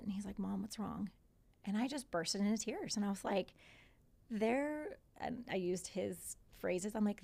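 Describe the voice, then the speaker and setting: Woman in her 40s telling her story on a podcast, kinda gravelly, acts out what people said, swears a bunch. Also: medium pitch. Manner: animated retelling with quoted dialogue and swearing. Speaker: podcast guest, teacher. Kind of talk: casual storytelling in conversation.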